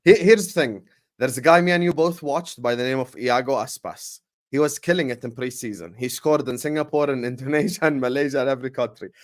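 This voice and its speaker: A man hosting a football livestream, talking in a hype, energetic way with lots of ums and uhs. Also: mid-range voice, a little fast. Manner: energetic, hype-style announcing with frequent fillers. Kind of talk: casual livestream chat.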